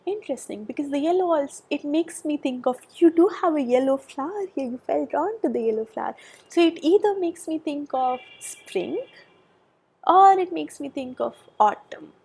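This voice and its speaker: A woman doing a pick-a-pile tarot reading, chatty and thinking aloud, with soft murmured asides and a nasal voice from a cold. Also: high voice, expressive, normal speed, vocal fry. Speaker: tarot reader. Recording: background noise.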